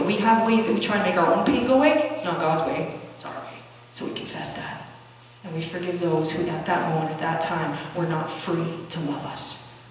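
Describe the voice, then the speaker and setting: A woman counselor speaks at a conference in a loose, conversational way, full of restarts and little acted-out quotes. She is heard from a distance in a large hall with a long, booming reverb and a faint hiss in the background. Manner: conversational, many restarts and fillers, acts out quoted dialogue. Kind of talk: conference talk with personal stories.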